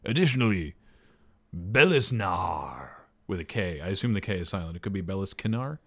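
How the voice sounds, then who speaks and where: A man's voice: sits low, racing. A man co-hosting a stream aftershow, playful and casual, reading out subscriber thanks. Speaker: stream co-host. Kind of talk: casual chat.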